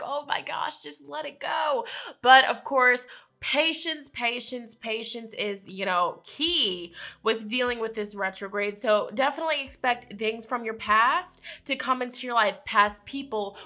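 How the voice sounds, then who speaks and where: Bright, chatty woman reading tarot. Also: on the high side. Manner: chatty, checks in with listeners often; playful slang and quick laughs. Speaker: tarot reader. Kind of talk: casual weekly tarot forecast.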